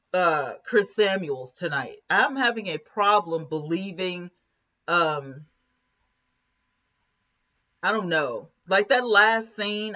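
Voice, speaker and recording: A woman's voice: lowish voice, sharp tone. Chatty woman, lo-fi stream audio. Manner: chatty, laughs often, reads viewer comments aloud. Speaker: host of a live commentary stream. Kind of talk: casual live-stream commentary.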